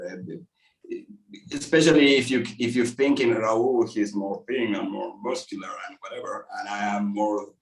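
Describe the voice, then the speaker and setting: A male actor talking casually as an interview guest, telling stories in an animated, expressive way. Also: medium pitch, creaky. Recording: echoey, distant mic.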